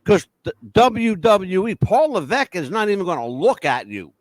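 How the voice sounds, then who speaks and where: A man's voice: sits high, big pitch swings, normal speed, dry recording. A man hosting a podcast in casual chat, blunt and emphatic, swearing freely. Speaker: podcast host.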